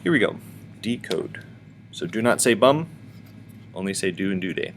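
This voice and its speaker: A lower-voiced man teaches a music lesson to schoolchildren over a webcam, chanting rhythms for them to echo back. His manner is patient and instructive. A faint hiss of background noise sits under the recording. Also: animated, moderate pace. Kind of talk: virtual music lesson for children.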